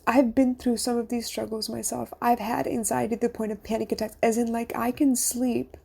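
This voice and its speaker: A woman's voice: fairly high pitch, flat delivery, fairly quick, vocal fry, a little mellow, slightly rough. A middle-aged woman, a coach and podcast host, speaking in an earnest, confessional monologue that sometimes drops to a whisper.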